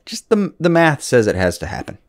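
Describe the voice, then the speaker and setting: A man's voice: on the high side, huge pitch swings, a little fast, no echo, clean studio sound. A man co-hosting a podcast, easygoing and wry, chatting casually and laughing at himself. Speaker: podcast co-host. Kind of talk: casual chat.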